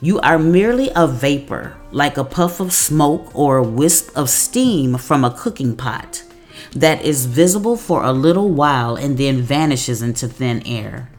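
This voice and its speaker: Very low-voiced woman reading scripture slowly. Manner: slow, deliberate reading of verses. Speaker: devotional speaker.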